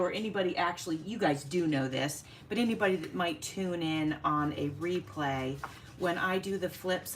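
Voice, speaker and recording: A woman hosting a casual craft livestream, chatting warmly with viewers by name and laughing often as she works. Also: deep voice, slight background noise.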